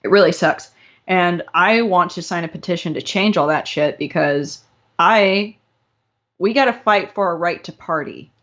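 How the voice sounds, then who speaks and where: A woman's voice: on the low side, normal speed, a bit bright. Casual swearing young woman co-host. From Southern California. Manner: casual, swears freely, playful. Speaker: podcast co-host. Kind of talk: casual chat.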